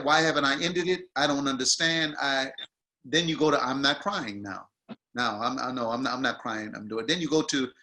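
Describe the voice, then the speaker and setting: A man's voice: on the high side, bright, forceful tone. A man coaching actors in a masterclass, talking in a colloquial, emphatic, slangy way. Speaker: acting teacher.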